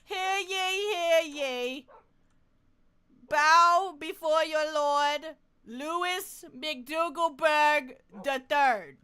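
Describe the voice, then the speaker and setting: Streamer playing a royal herald, loud drawn-out proclamation, raised pitch, bright tone. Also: full character voice. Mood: grand, ceremonial. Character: royal herald crying out an announcement. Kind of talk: playful role-play while gaming.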